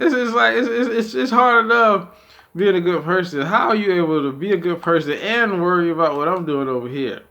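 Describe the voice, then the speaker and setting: Rambling through gameplay commentary on his channel, a man swears, fills his speech with fillers, and laughs often mid-sentence. His voice is on the high side, bright and forceful, with lively intonation and a brisk pace.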